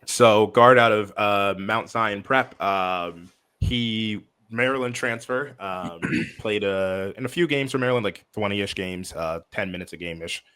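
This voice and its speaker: Podcast co-host, male, deep voice, loose rambling delivery full of fillers. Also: unhurried, pushed and bright, clear, resonant tone. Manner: rambling, lots of likes and ums. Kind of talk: casual sports podcast chat.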